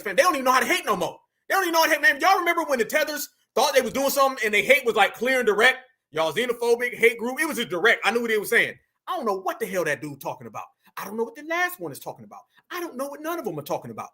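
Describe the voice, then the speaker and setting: This high-pitched man delivers reaction commentary that's brash, slangy, and mocking. He taunts his subject and now and then erupts into shouting.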